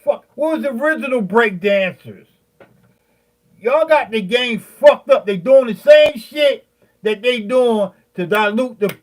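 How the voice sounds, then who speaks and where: A man in his fifties, a beat maker, ranting heatedly at his viewers, profane and rambling, with many fillers and pauses. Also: high voice, fairly bright tone. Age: 50s.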